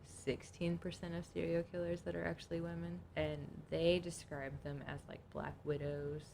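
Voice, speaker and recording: A woman's voice: on the low side, completely flat delivery, normal speed, vocal fry, warm tone, slight background noise. A young adult woman co-hosting a podcast in casual chat, reading notes aloud in a chatty, informal way. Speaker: podcast co-host.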